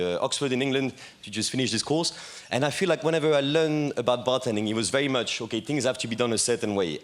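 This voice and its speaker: A man in his thirties with a French accent, giving a casual, self-deprecating talk on a conference stage, full of fillers and restarts. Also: fairly low pitch. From France. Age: 30s. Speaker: bar owner giving a talk.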